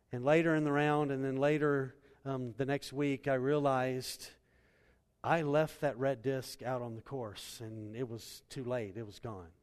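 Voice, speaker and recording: A man preaching a sermon as pastor, swinging from loud emphatic bursts to hushed endings. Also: medium pitch, long reverb tail.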